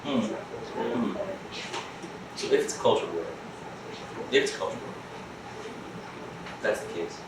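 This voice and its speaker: A rabbi giving a lively, joking class at a school, acting out quick voices of other people as he teaches. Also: on the low side, recorded from a distance, noisy background. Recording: echoey room, mic from afar.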